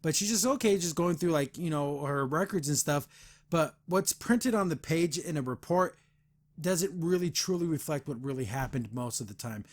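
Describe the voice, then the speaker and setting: A man's voice: a little high, expressive, moderate pace. A man hosting a podcast, reviewing a comic in casual chat, earnest and rambling, with frequent restarts and heated asides. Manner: gets heated about the veterans system.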